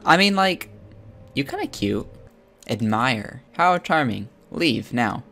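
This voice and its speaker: A man giving crude, joking commentary while playing a video game, with loud excited outbursts. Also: mid-range voice, slow. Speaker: gamer streaming his own play. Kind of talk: profane let's-play commentary.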